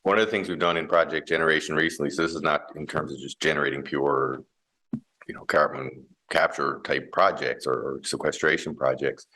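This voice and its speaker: A man's voice: rumbling low, steady tone, brisk, pushed and bright. A man who heads a mining company, explaining his ideas in a thoughtful interview with many restarts and fillers. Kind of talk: conversational interview.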